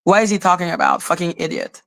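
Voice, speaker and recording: A woman's voice: on the low side, wildly swooping pitch, quick pace, creaky, fairly bright tone. A woman from Haiti with a Haitian accent, a native speaker of French and Creole, hosting a livestream in a scornful, sarcastic and profane way. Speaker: livestream host. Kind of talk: casual livestream commentary.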